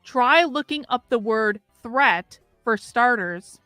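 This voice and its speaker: A woman reads posts aloud at a slow pace on a casual livestream, muttering to herself as she scrolls. Her voice sits fairly high and sounds dry and close. Faint music plays in the background. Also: lively intonation, sharp tone, dry recording.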